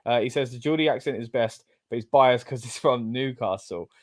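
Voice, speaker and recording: An English man co-hosting a casual watch-along, chatty and excitable with loud exclamations. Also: medium pitch, brisk. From England. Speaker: co-host.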